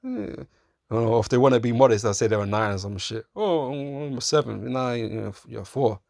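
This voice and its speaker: A man's voice: lowish voice, expressive, creaky, darkish tone, no echo, clean studio sound. Casual, profane male street preacher. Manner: casual and profane, laughs often, addresses listeners as man and bro; reads scripture slowly in old-fashioned wording. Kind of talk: street-style sermon, reading scripture.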